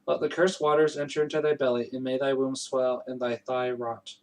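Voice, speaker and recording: A man reading the Bible aloud in a plain, steady way, with frequent slips and self-corrections, his voice still strained from allergies. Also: mid-range voice, brisk, poor audio. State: recovering voice after allergies. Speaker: Bible reader.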